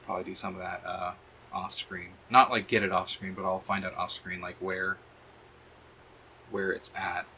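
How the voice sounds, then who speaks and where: A man with a lowish voice and a bright, forceful edge talks his way through a game stream. He rambles, thinks aloud and curses freely. A faint hum of noise sits behind him. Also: little pitch movement, normal speed. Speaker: streamer playing a video game. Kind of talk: casual gameplay commentary.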